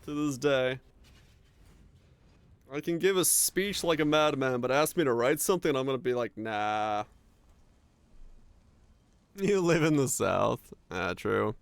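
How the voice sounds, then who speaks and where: A young man from Finland whose first language is Finnish, chatting casually with his stream chat, swearing freely and telling animated stories with frequent laughs. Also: medium pitch, unhurried, vocal fry, pauses often, clear, resonant tone, dry recording. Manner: profane, animated storytelling, laughs often.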